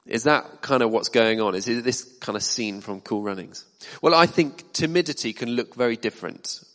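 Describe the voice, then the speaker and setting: A man's voice: mid-range voice, moderate pace, a bit bright. A man preaching a sermon in a church hall, talking conversationally and asking the congregation questions. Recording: long reverb of a hall.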